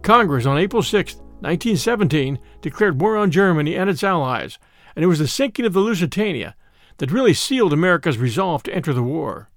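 A male narrator guides the listener through a historical story told in the second person. His voice is fairly high and swings widely in pitch, and faint music plays underneath. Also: sing-song, brisk, no room sound.

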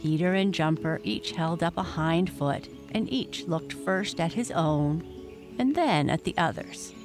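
A woman reading a bedtime story aloud in a calm, gentle way. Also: on the low side, a little slow. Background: soft music.

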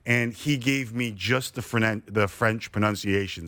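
A man's voice: fairly low pitch, measured pace, pushed and bright. Brief: middle-aged male sports radio host from Canada, playful, self-deprecating storyteller. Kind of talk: casual sports talk interview.

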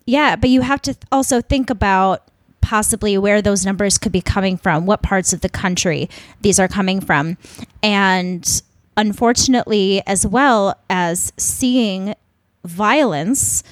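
A woman's voice: mid-range voice, unhurried, no room sound. A woman co-hosting a podcast, speaking in an impassioned, emphatic way. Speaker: podcast co-host. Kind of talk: casual podcast discussion.

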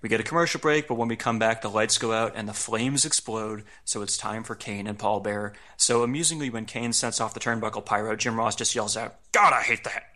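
Male podcast host, lowish but bright and forceful voice, casual amused recap delivery. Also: fairly quick, few pauses. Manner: recaps events in a relaxed, amused tone with frequent laughs. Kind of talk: casual wrestling recap chat.

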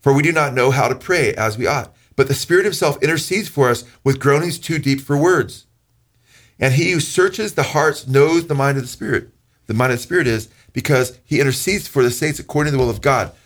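A pastor preaching to his congregation in an earnest, conversational way. His voice climbs sharply when he stresses a point. He slows down for scripture passages. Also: fairly bright tone. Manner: earnest, rises in pitch for emphasis, slows when reading scripture. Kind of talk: sermon teaching.

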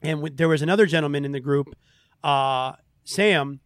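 A man hosting a casual chat, telling a story in an animated way and acting out the voices of people he quotes. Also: a little high, moderate pace, no echo, clean studio sound. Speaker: host.

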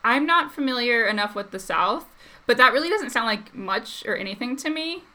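A woman's voice: on the high side, expressive, moderate pace, background noise. A woman speaking as a guest commentator in casual chat, chatty and full of fillers and laughs.

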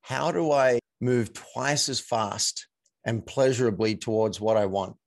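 A man, a coach and actor, telling stories as a podcast guest in a measured, reflective way. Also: medium pitch, vocal fry, dry recording. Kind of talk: casual interview chat.

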